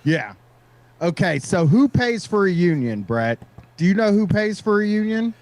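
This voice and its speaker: A man's voice: sits high, very animated, normal speed, a little mellow, no echo. A man co-hosting a casual talk show, reading out points and mocking them sarcastically. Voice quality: sarcastic, reads text and mocks it. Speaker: podcast co-host. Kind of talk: casual chat, reading aloud and commenting.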